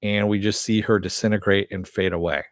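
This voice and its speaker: A man's voice: lowish voice, steady tone, a little fast, no echo, studio quality. A man casually recapping a TV episode, retelling the scenes in a loose, rambling way and swearing freely. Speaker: TV show reviewer.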